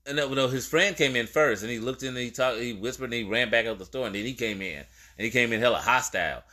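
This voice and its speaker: A man's voice: mid-range voice, fast talker. A young man co-hosting a podcast, chatting casually and acting out the people in his stories. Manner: animated storyteller, acts out quoted exchanges. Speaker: podcast co-host. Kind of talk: casual chat.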